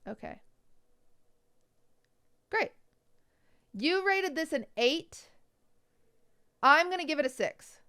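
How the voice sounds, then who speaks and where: A woman's voice: high voice, expressive, slow pace, pauses often, bright, forceful tone. A woman streamer giving blunt, teasing design critiques in a casual livestream chat. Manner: blunt, teasing, nitpicky advice. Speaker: streamer reviewing viewers' bedrooms.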